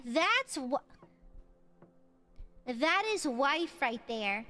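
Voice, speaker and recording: A woman's voice: high voice, expressive, drawn-out words, pushed and bright. A woman streaming a video game, chatting casually in a playful, crude way and laughing often.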